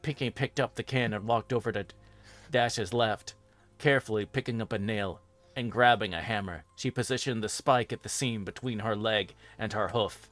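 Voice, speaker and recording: A man, the host, reading a fan fiction horror story aloud in a steady, even narration. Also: lowish voice, normal speed, faint music behind.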